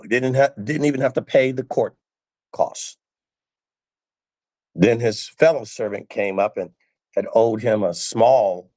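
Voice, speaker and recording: A man's voice: fairly low pitch, darkish tone, no echo. A male preacher giving a sermon, emphatic and repeating phrases for stress.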